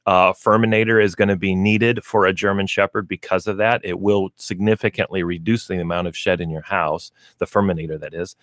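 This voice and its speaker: A man with a fairly low voice hosts a pet advice radio show, talking in a relaxed, folksy way and now and then acting out little lines for dogs and owners. The sound is dry and close to the mic. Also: brisk, few pauses, no room sound. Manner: folksy, explains with acted dog and owner voices. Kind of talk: casual radio talk on pet training.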